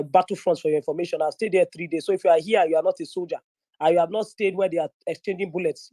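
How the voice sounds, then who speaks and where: A young woman from northern Nigeria with a Nigerian English accent, telling a story in a lively, chatty way and slipping into pidgin. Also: on the low side, no room sound. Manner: animated, mixes pidgin, acts out quoted voices. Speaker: guest speaker in an online audio room. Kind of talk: casual storytelling. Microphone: phone or headset in an online audio room.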